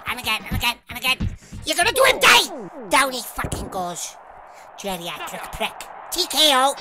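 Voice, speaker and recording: A woman with a British accent commentating as she plays a video game, swearing constantly and shouting insults at her opponent. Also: high voice. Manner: foul-mouthed, shouting insults at the screen. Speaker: gamer. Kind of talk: let's play commentary. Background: game music.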